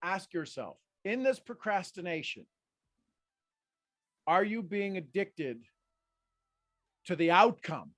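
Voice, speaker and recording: A man coaching a group on a video call, energetic and repeating his commands over and over. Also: high voice, slow, long pauses, no echo, clean studio sound. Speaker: life coach.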